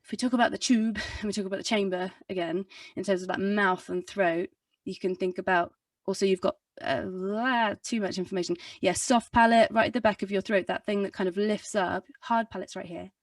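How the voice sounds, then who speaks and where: A woman's voice: mid-range voice, steady tone, fairly quick, dry recording, recorded from a distance. A young adult woman, a singer and vocal coach, explaining in a rambling, chatty way with lots of fillers and self-corrections. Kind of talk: casual explanatory talk in a video interview.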